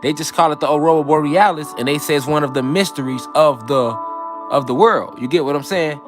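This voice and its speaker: An esoteric lecturer speaks to camera in an informal talk, with music playing behind him. His voice is a little high and a little fast, and he's emphatic and repetitive, using profane street slang and often checking in with listeners.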